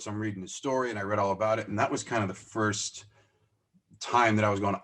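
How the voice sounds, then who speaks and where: A fast-talking man with a fairly low voice, a business owner guesting on a podcast, tells stories in a relaxed interview. He's animated, performing the quoted dialogue and laughing at his own expense as he goes.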